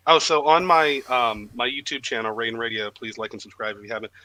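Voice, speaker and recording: A man's voice: medium pitch, fairly even intonation, fairly quick, sharp tone, poor audio. A man who has written a book, chatting as a podcast guest over a video call, rambling with plenty of fillers. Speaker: author and guest. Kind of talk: casual chat.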